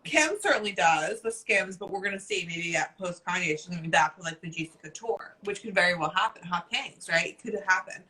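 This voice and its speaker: A woman's voice: lowish voice, a little fast, few pauses, bright, forceful tone, low-quality recording. A woman hosting a casual chat, gushing and playful, swearing freely. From New Jersey. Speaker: host.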